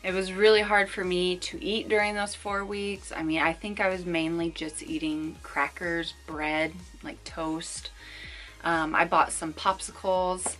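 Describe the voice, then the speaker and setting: A woman's voice: fairly low pitch, level tone, measured pace, a bit bright, faint music behind. A woman in her twenties talking casually to camera as a vlogger, chatty and full of fillers and asides.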